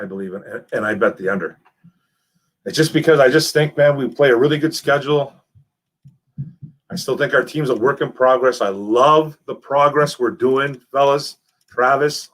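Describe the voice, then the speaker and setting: A young man hosting a casual live stream, reading chat messages and talking football in a lively, repetitive way, calling people man and bro. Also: medium pitch, normal speed. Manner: animated, repeats himself, calls people man and bro.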